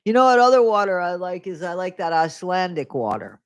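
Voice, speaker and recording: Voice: medium pitch, expressive, a little fast, clear, resonant tone, dry recording. A live-stream host chatting casually on a new microphone at home, rambling between topics and reading viewer comments aloud. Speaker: livestream host.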